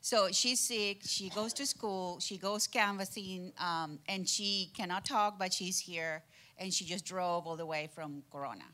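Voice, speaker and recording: A woman's voice: on the low side, steady tone, measured pace, pushed and bright. A woman campaign volunteer speaking hesitantly with many fillers in a casual chat.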